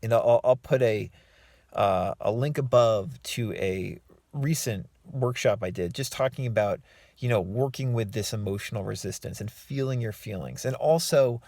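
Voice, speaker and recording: Relaxed man giving self-help advice. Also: fairly low pitch, moderate pace, no room sound. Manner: relaxed and reflective, with many fillers and restarts. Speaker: self-help author and coach. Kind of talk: casual talking-head advice.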